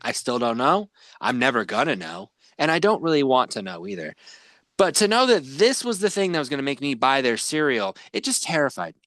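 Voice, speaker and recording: A man hosts a podcast in a casual chat, rambling with many fillers. His medium-pitched voice is sing-song and fairly bright, and he talks fairly quickly. The sound is dry and clean, studio quality.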